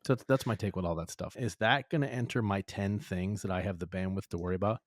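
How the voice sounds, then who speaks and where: A man co-hosts a podcast and gives his opinions in a relaxed, laid-back way, with the odd swear word. His voice is deep. It sounds dry and close, with no room echo. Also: fast. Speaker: podcast co-host. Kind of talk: casual podcast chat. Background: chickens.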